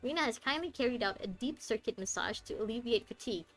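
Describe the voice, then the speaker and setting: A woman voicing a courteous, formal male butler, speaking in a polite, measured way. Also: on the high side, animated, a bit bright, faint music behind, poor audio.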